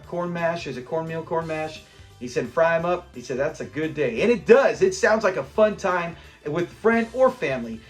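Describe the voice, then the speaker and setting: A man hosts a casual breakdown of a classic sitcom episode. He talks with enthusiasm in a fairly high voice and slips into the characters as he quotes them. Soft music plays underneath. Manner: enthusiastic, acts out quoted lines. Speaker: show host.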